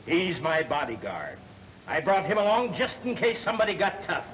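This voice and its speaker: An actor playing a tough gangster in a 1930s film comedy, threatening and full of gruff slang. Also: male voice, a little high, big pitch swings, normal speed, a bit bright, slight background noise, rough recording. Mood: menacing. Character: tough gangster customer demanding money.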